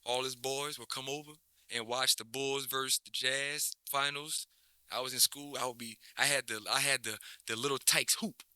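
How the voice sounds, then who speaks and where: A man's voice: medium pitch, normal speed, clear, resonant tone, dry recording. Laid-back man rambling with restarts. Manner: relaxed, rambling, many restarts and slang. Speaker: basketball coach, guest. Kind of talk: casual interview chat.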